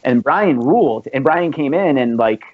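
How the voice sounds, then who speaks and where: With a mid-range voice, lively intonation, and a moderate pace, this guest tells rambling, swear-filled stories and laughs throughout a casual conversation. He's a band founder and musician, and the podcast recording sounds muffled and lo-fi.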